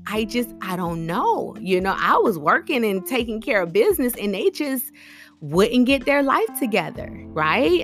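A woman giving relationship advice in a casual, animated monologue, full of rhetorical questions and informal, slangy speech. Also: on the high side, moderate pace, faint music behind.

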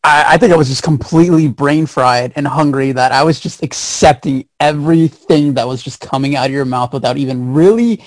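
A man's voice: a little high, a little fast, few pauses, no room sound. A man in casual podcast chat, self-mocking and exclaiming, swearing often. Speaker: podcast co-host.

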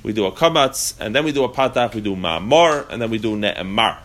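A man at a mid-range pitch leads a live religious study class and explains each point to the group in front of him. He thinks aloud as he goes, stopping and restarting often. When he recites the Hebrew prayer lines, he falls into a rhythmic, chanting lilt. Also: rapid-fire, a bit bright. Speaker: Torah class teacher.

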